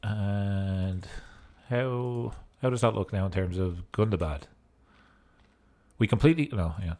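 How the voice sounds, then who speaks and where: Goofy low-voiced man narrating gameplay. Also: a little slow, dark tone. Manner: goofy, joking asides. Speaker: gaming streamer. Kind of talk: casual gameplay commentary.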